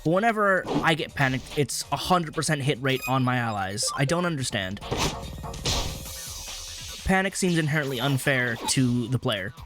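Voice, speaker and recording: Wry, lively male let's player. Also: medium pitch, moderate pace, loud music behind the voice. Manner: wry, rambling gamer chatter. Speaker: let's play host. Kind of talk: let's play commentary.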